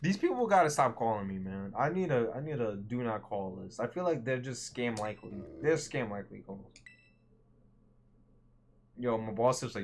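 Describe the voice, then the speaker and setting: A man's voice: mid-range voice, lively intonation, moderate pace, slight background noise. A man giving casual, joking commentary while playing a video game, chatting slangily to the characters on screen. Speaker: gaming video creator. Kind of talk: casual let's-play commentary.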